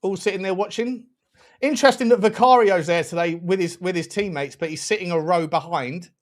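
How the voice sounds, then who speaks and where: Bloke with a highish voice doing a live match watchalong, excitable, laughs a lot, swears. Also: male voice, brisk. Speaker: fan channel host.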